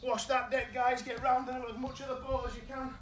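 A man with a British accent coaching children's football in a live online session, giving energetic, encouraging instructions. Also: very high-pitched, a little fast, echoey room, slight background noise, poor audio. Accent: British English. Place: indoors at home.

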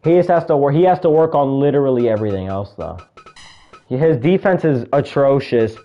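A young man casually commentating a video game he is playing, calling moves with excitement, shouting at big moments and muttering asides to himself. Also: medium pitch, fairly quick, muffled recording, soft background music. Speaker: gaming video creator.

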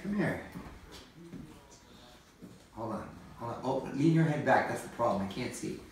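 A man's voice: medium pitch, expressive, moderate pace. A man in his forties, a father and vlog host, coaxing his child in a playful, repetitive way during casual family chat at home. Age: 40s. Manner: coaxing, playful, keeps repeating himself. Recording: echoey room, mic far off, faint hiss.

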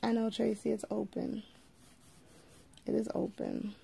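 A woman's voice: mid-range voice, fairly even intonation, vocal fry, mellow, slight background noise. A woman hosting a casual live unboxing, chatting to viewers and greeting them by name. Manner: slow, drawn-out delivery with frequent asides. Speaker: livestream host.

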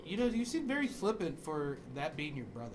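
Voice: mid-range voice, big pitch swings, fairly quick, a crowd in the background. An improv performer in a live scene, childish and defensive. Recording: noisy live theater recording.

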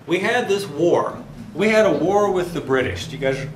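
A man's voice: on the high side, lively intonation, moderate pace, crowd noise. A man giving a university finance lecture, telling jokey stories and quizzing the class. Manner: joking, storytelling, asks the class questions. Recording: echoey classroom with faint hiss.

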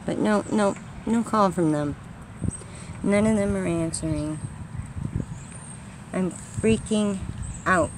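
A woman vlogging outdoors speaks a little slowly in a low-ish voice, with noise in the background. She chats casually, coaxing squirrels and talking to the animals. She's also venting her frustrations.

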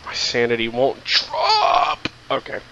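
A man commentating his solo horror game run, exasperated and swearing a lot, breaking into high shouts. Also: huge pitch swings, slow pace, gravelly, highs cut off, background noise. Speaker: gaming streamer.

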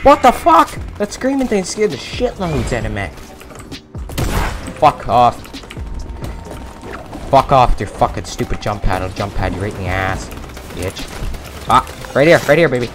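A young man commentating his own gameplay, cursing and shouting in bursts, close to the mic. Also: medium pitch, very animated, moderate pace, pauses often. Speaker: gaming video creator. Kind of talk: profane live gameplay commentary. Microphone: close mic, breathing into it. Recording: game music playing behind.

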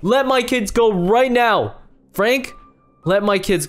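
A man's voice: extremely high pitch, lively intonation, a little slow, faint music behind. A man acting out a game role-play as a frantic father, pleading and repeating himself. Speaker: role-play creator and lead player.

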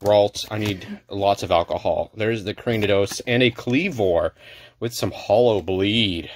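With a fairly low voice and a measured pace, this card-opening channel host bantes casually over packs in his apartment, erupting now and then into loud, theatrical outbursts.

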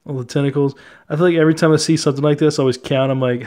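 A young man casually talking through his trading card collection, relaxed and chatty, often laughing and using fillers. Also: fairly high pitch, rapid-fire. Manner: relaxed, chatty, easily amused, many fillers.

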